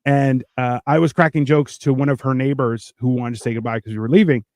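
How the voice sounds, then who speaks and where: A man's voice: mid-range voice, fairly even intonation, brisk, darkish tone, no echo. A man on a casual podcast chat, blunt and crude, telling jokey stories. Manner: jokey, storytelling. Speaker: podcast co-host.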